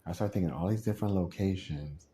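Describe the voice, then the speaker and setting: Speaking fast in a low voice, a man rants casually and rambles in frustration, acting out the people he quotes. He's animated and laughs frequently, and there's a little hiss or hum in the background.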